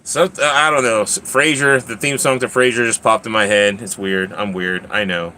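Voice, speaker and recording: A man's voice: fairly low pitch, fairly even intonation, normal speed, bright, forceful tone, a little hiss or hum. A man hosting a casual livestream, rambling, laughing often and talking to his cat. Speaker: livestream host.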